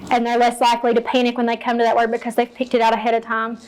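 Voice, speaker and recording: A woman's voice: a little high, monotone, very fast, a little mellow, low-quality recording. A woman teacher walking fellow teachers through her reading lessons, explaining each step plainly and modeling read-alouds. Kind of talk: teacher training talk.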